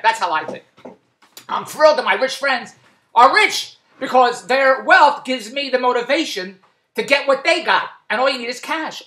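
A man delivering an exasperated comic rant to the camera, loud and full of rhetorical questions. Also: high voice. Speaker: vlogger. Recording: echoey room.

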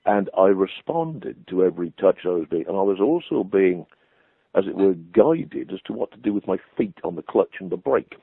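Husky storyteller on a phone line. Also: male voice, deep voice, normal speed, no echo. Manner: vivid, animated raconteur. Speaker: storytelling guest. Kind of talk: anecdotal storytelling. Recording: dry tinny phone-like line.

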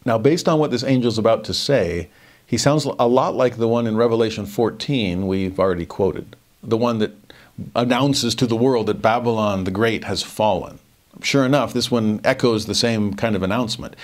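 A man teaching a verse-by-verse Bible lesson, reflective and expressive, often posing rhetorical questions. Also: lowish voice, fairly quick. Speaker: scripture teacher.

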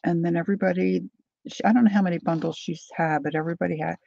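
A woman hosting a casual live chat with her viewers, talking them through things as she unpacks and sometimes dropping to a soft whisper. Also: on the low side, steady tone, quick pace, creaky, dry recording, muffled recording. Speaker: livestream host.

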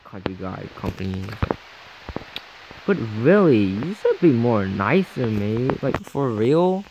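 A man's voice: mid-range voice, sing-song, slow, highs cut off, noisy background. A man telling a frustrated, rambling story to camera, re-enacting both sides of a conversation. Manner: frustrated, rambling, heavy on "like" and "you know", re-enacts dialogue. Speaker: vlogger. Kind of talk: casual ranting story to camera.

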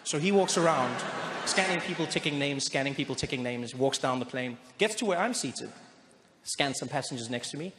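A man from doing animated stand-up storytelling, acting out the people in his story, live on stage. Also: mid-range voice, a little fast. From South Africa. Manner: animated, acts out voices. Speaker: stand-up comedian. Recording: live show in an echoey hall with audience noise.

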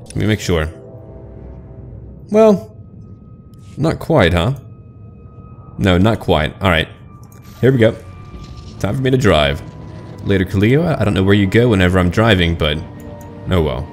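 A man's voice: sits low, sing-song, moderate pace, pauses often, soft background music. A man casually commenting on his online role-playing game, chatty and self-mocking about getting lost. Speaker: gaming channel host.

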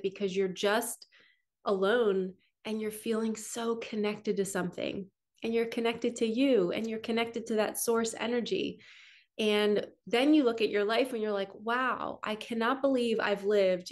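A middle-aged woman, a spiritual coach, giving an earnest, flowing teaching monologue with lots of repetition. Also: medium pitch.

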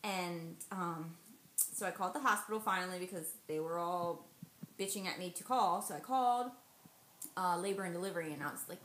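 Young woman, casual vlog storyteller, chatty and animated; echoey room, faint noise. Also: mid-range voice, moderate pace. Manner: chatty, animated quoting of others. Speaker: vlogger.

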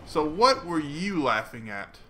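A man giving casual, chatty commentary while playing a video game, mocking himself and breaking into excited swearing. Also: a little high, measured pace, a little hiss or hum. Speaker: gaming let's player.

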